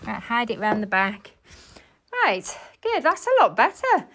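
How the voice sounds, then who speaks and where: Chatty high-voiced woman cleaning. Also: sing-song, unhurried, background noise. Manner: chatty, talking to viewers while working. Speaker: cleaning vlogger. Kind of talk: casual chat while cleaning. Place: living room at home, indoors.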